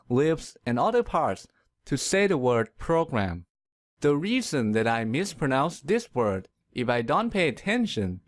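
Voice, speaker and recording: Lively-voiced man teaching pronunciation. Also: medium pitch, no room sound, studio quality. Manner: clear, measured explaining with emphatic repetition. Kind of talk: scripted video lesson.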